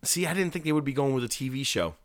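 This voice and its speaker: A man's voice: medium pitch, fast, no room sound, studio quality. A man chatting casually as a podcast co-host, telling stories with energy and acting out movie lines. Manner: animated storytelling, swearing, acts out movie lines. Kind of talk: casual wrestling chat.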